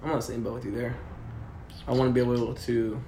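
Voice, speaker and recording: A man's voice: mid-range voice, level tone, fast, dark tone, a little hiss or hum. A young man co-hosting a podcast, laid-back and teasing, laughing often in casual chat. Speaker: podcast co-host. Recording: echoey room.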